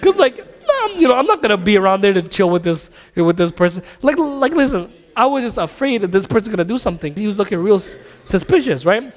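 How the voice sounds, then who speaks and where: A man teaching a casual religious class at a mosque, telling stories with laughs and animated asides. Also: sits high, fast talker. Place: mosque hall. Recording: hall reverb.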